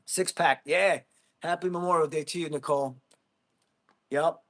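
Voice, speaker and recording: This livestream host is a middle-aged man whose slightly high, fairly bright voice keeps a fairly even intonation at a moderate pace. Reading viewer comments in casual chat, he talks bluntly and addresses people as bro.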